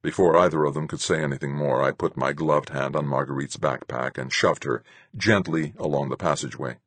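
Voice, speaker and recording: Deep husky guy narrating an audiobook, steady, dry close mic. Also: brisk, dry recording. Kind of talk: first-person audiobook narration.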